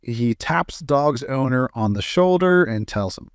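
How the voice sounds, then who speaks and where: Guy reading jokes out loud, mid pitch, kinda loose with little slips, dry close sound. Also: animated, unhurried, smooth, no room sound. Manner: casual storytelling with small slips and fillers. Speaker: joke reader.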